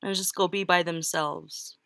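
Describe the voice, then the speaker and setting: A woman giving a casual tarot reading, chatty and quick to laugh, often breaking off and restarting her words. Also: lowish voice, fairly even intonation, creaky, fairly bright tone, clean tone, no echo, studio quality. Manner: chatty, laughs easily, breaks off mid-word. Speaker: tarot reader.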